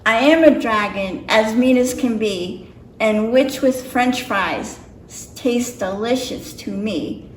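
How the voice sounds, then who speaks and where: A woman voicing a mean, hungry male dragon from a picture book, with a slow storybook menace. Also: fairly high pitch, a little hiss or hum. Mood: menacing. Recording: roomy echo, mic far off.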